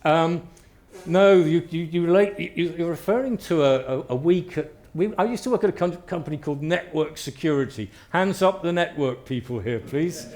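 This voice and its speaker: A man, an author, telling anecdotes to a live audience in a lively storytelling manner and acting out what people said. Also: on the high side, moderate pace. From Britain. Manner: lively storyteller, acts out quotes. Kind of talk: anecdotal talk.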